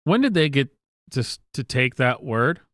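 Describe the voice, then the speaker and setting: A man's voice: medium pitch, very animated, normal speed, fairly bright tone, no echo, clean studio sound. Exasperated Southern American man ranting. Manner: exasperated and emphatic, with frequent restarts and fillers. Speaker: commentary channel host. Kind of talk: casual opinion rant.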